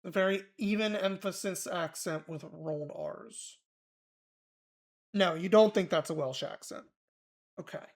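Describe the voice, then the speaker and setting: A man's voice: high voice, measured pace, long pauses. Casual man thinking aloud over a game. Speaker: game streamer. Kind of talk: casual gameplay commentary.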